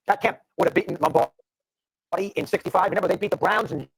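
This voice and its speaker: A man arguing on a sports talk show, animated and argumentative, tripping over his words. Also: sits high, quick pace, gravelly, husky, no echo.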